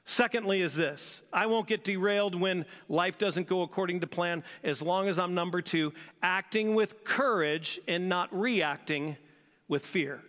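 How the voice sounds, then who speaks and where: A male pastor delivers a sermon with energy, driving points home through repetition. His voice sits high and bright, with a forceful edge. The long reverb of a large hall trails after every phrase. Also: a little slow. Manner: animated, emphatic, repeats lines for stress.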